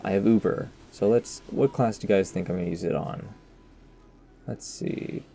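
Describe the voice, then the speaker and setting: A man talks through his own match in loose, rambling post-game commentary, full of self-mocking jokes and asides to his viewers. His voice sits fairly low with a mellow, dark tone, and a faint hiss lies underneath. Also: normal speed, gravelly. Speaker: gaming commentator.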